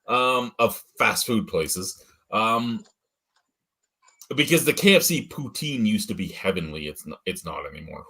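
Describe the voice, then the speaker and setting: Co-hosting a casual beer review chat, a man with a lowish, fairly bright voice rants profanely. He swears a lot and works himself up as he goes.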